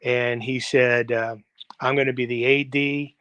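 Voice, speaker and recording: A football coach from the United States, in his seventies, speaks unhurriedly in a medium-pitched, level voice that is a bit bright, clear and resonant. His interview stories ramble, with many fillers and acted-out quotes. The video call livestream recording is dry yet muffled.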